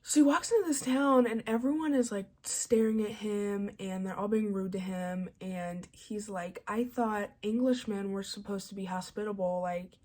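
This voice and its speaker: A young woman book vlogger excitedly retelling a novel's plot in a chatty way, full of "like" and paraphrased character lines. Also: mid-range voice. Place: home, early morning.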